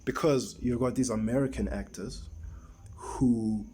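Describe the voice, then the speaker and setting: A man's voice: mid-range voice, fairly even intonation, unhurried, dark tone. Exasperated man ranting a movie review. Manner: exasperated, rambling with restarts and rhetorical "right?". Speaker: film reviewer.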